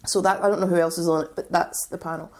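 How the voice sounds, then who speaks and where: A woman's voice: lowish voice, fairly even intonation, fast, a little mellow. A woman co-hosting a casual podcast, chatting and reading lists from her notes with frequent ums. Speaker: podcast co-host.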